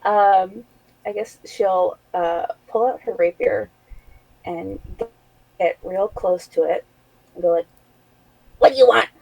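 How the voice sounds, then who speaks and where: A woman playing a tabletop game as a guest, chatting casually with plenty of fillers. Her voice has a breathy, husky edge. The sound is dry and close. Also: medium pitch, steady tone, takes it slowly, pauses often, warm tone, no echo, rough recording. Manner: casual, giggly, filler-heavy. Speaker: guest player.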